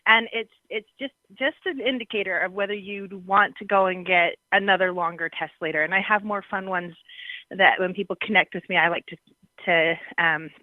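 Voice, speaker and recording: A woman's voice: medium pitch, steady tone, moderate pace, no echo. A woman calling in as a guest on a radio show, chatty and playful, laughing easily. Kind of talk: phone-in radio interview. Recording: tinny phone line.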